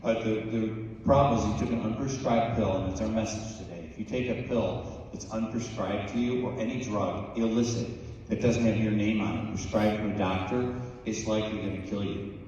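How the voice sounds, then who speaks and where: A man's voice: on the low side, fairly even intonation, moderate pace, a little mellow, dull audio, slight background noise. A man speaking bluntly and plainly to students at a school assembly. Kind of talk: spoken talk to students. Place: large school hall. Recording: echoey hall recorded from far off.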